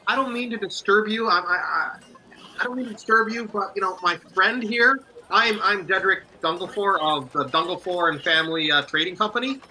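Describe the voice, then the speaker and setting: A man's voice: sits high, a little fast, pushed and bright, a little hiss or hum, low-quality recording. A man voicing a fussy, apologetic male merchant who stammers and keeps saying sorry.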